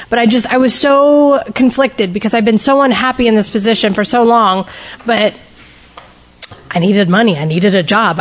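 A woman speaking candidly and emotionally to a recovery group, sharing her personal testimony and shifting her pace for emphasis. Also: on the high side.

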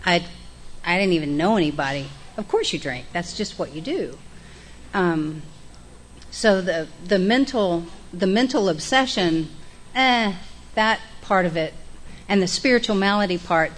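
A woman's voice: fairly low pitch, a little hiss or hum. A middle-aged woman, candidly sharing her recovery story in a frank, profane, self-mocking way. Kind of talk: candid personal testimony.

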